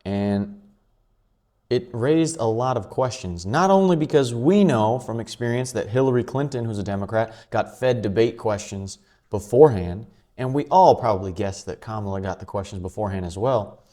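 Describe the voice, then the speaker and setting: A man hosting his own commentary vlog, talking quickly and offhandedly with chuckling asides. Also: fairly low pitch, warm tone. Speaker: channel host.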